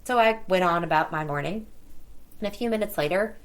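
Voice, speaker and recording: Lower-voiced woman telling a family story. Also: brisk. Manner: conversational, lively retelling of dialogue. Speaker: podcast host. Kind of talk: personal storytelling.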